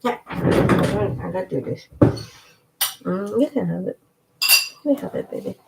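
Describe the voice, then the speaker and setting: A woman chats playfully with her partner at home, her voice full of creak. Loud noise sits heavily behind her. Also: mid-range voice, animated, a little slow, echoey room. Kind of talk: casual chat.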